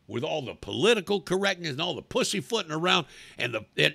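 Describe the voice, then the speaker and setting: A man hosting a talk show, ranting angrily and profanely, swinging from shouts to mutters. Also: a little high, wildly swooping pitch, brisk, creaky, hardly any pauses, no room sound. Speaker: radio talk host. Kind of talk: angry political rant.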